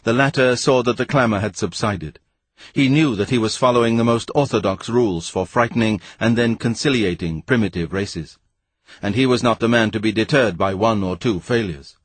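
A man narrating a novel in a wry, measured reading voice. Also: lowish voice, husky, dry recording. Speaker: audiobook narrator. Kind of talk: storybook narration.

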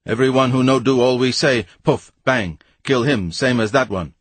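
A man's voice: mid-range voice, sing-song, takes it slowly, husky, no room sound, heavily acted. A man voicing a pompous, blustering male scientist who barks broken pidgin at the locals in a storybook reading. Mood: shouting. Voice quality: loud, barking, condescending.

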